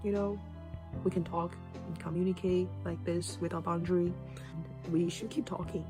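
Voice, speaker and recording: A woman's voice: on the low side, level tone, moderate pace, over music. A woman, speaking earnestly and emotionally to her viewers in a casual video. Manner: earnest, soft-spoken, thankful. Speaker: social media creator. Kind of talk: emotional casual talk to camera.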